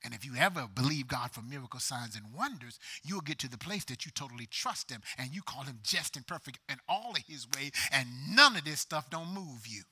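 A man preaching a sermon as pastor, dropping to whispers and building to loud climaxes. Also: mid-range voice, lively intonation, fairly quick, few pauses, slightly rough.

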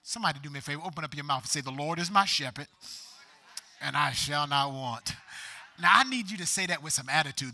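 A man delivers a sermon in a bright, ringing voice pitched a little high. He whispers some lines and then builds to loud, rising climaxes. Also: lively intonation, fast talker. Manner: preaching, swings from soft whispers to loud climaxes. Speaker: pastor.

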